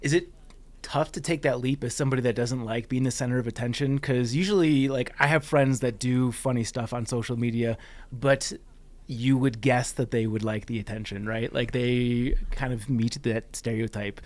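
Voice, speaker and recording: A man's voice: medium pitch, steady tone, moderate pace, no echo. Male podcast host, mid-range voice, upbeat and chatty with easy laughs. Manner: friendly, enthusiastic, laughs easily. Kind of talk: casual interview chat.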